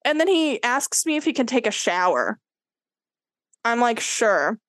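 A young woman co-hosting a podcast speaks unhurriedly in a fairly high voice, with no echo. An animated storyteller, she shares a dating story in casual chat, using lots of "like" and acting out quotes.

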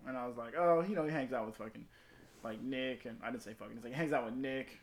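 A man's voice: mid-range voice, fast. A man telling a long crude story in casual podcast chat, rambling and full of profanity.

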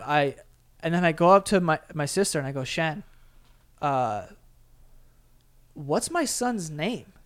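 A man's voice: a little high, fairly bright tone, clean tone. A man co-hosting a podcast, telling a story in casual chat, acting out voices and laughing. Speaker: podcast co-host.

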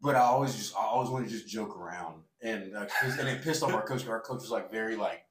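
A man's voice: on the low side, quick pace, fairly bright tone, a little hiss or hum. A man telling rambling stories in a casual podcast chat, laughing often and swearing freely. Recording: roomy echo.

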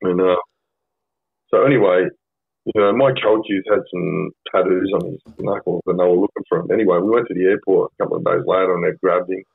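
Low husky Australian man with a tinny sound. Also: steady tone, a little fast, no room sound. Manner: blunt, sweary, rambling with many fillers. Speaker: podcast guest. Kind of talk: casual storytelling.

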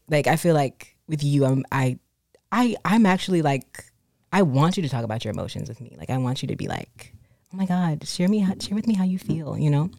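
A young woman with a low, deep-set voice chats casually and candidly, looping back with fillers and restarts as she thinks aloud. The sound is close and dry, with no room around it. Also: darkish tone, no room sound. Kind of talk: casual chat.

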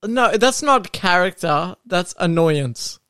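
Opinionated young man, smooth voice. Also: high voice, animated, slow, a bit bright, no room sound, clean studio sound. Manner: opinionated, laughs often, trails off with ums. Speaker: podcast co-host. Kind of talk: casual chat.

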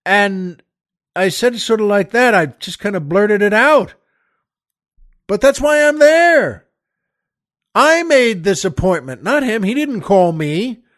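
Host, male, high-pitched, dry close sound; exasperated, rambling comic storyteller. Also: expressive, takes it slowly, pauses often, fairly bright tone, dry recording. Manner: exasperated, digressive, incredulous. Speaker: podcast host.

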